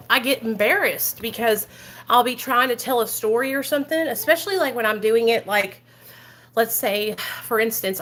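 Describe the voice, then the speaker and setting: A woman's voice: a little high, fairly bright tone, low-quality recording. Emotional rambling woman vlogger. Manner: emotional, rambling, many fillers and "you know". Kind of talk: emotional casual talk to viewers.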